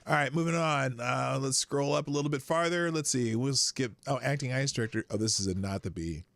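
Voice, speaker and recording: A man hosting a live show, rambling through casual commentary with frequent swearing and sudden jumps in pitch. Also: brisk, gravelly, a bit bright, dry recording.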